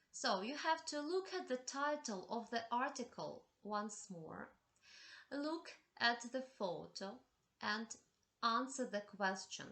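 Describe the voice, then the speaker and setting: A woman teaching a lesson at an unhurried, measured pace, walking through each exercise step by step. Her voice is bright and sits a little high. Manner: slow, deliberate, giving step-by-step instructions. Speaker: English teacher. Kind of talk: classroom instruction.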